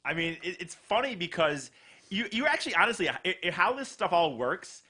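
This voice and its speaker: A man's voice: sits high, very animated, fairly quick, sharp tone, slightly rough. A man co-hosting a casual podcast, rambling and profane, often restarting his sentences. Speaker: podcast co-host. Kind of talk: casual talk-show banter.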